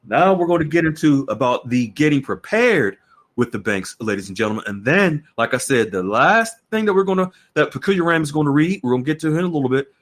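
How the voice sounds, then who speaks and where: A man's voice: fairly high pitch, lively intonation, a little fast. Earnest man hosting a podcast. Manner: earnest, repeats words and restarts. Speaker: podcast host. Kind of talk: casual podcast talk.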